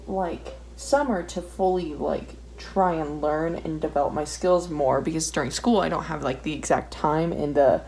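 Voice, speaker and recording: A woman's voice: on the low side, dark tone. Rambling, swearing young woman. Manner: swears a lot, rambling and self-deprecating. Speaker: art vlogger. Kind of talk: casual ranting while drawing. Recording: faint background noise.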